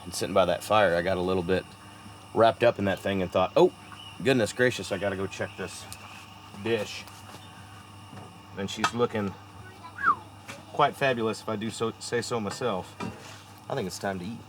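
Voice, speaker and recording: A man's voice: fairly low pitch, steady tone, moderate pace, long pauses, noisy background. A man hosting an outdoor fishing and camping show, talking in an easygoing, folksy way outdoors by a river. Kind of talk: casual outdoor narration. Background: music.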